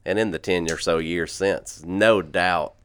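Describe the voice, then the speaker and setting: A man who works on a church staff, talking in a calm, measured and reflective way in a casual conversation. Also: low-pitched, smooth.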